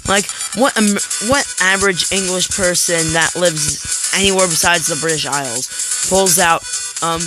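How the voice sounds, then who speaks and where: A US live streamer chats casually and jokingly with viewers while gaming, rambling from topic to topic over game music. The voice is mid-range and unhurried.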